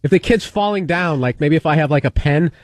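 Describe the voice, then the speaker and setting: Fast-talking man telling a story. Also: on the high side, dry recording, clean studio sound. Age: late thirties. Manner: rambling storytelling, quick and animated. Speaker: guest comedian. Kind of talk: casual radio chat.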